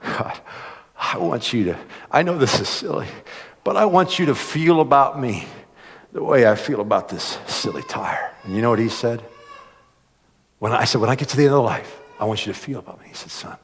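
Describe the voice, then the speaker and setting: A man preaching a sermon, telling a story with lively asides, many filler words and acted-out voices. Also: medium pitch, moderate pace, a little hiss or hum. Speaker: pastor. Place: church hall. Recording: long hall reverb.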